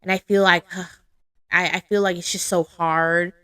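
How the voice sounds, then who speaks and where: A young woman guest on a podcast, telling stories in a blunt, animated way and swearing freely. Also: on the low side, a little slow, clear, resonant tone, no room sound, studio quality. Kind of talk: casual chat.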